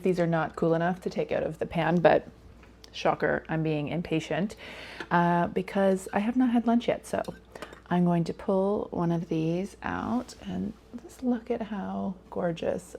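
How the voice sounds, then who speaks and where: A woman's voice: medium pitch, fairly even intonation, normal speed, gravelly, dark tone. Chatty woman hosting a cooking video. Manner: chatty and enthusiastic about food; talks while eating. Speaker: cooking channel host. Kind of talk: casual cooking demonstration.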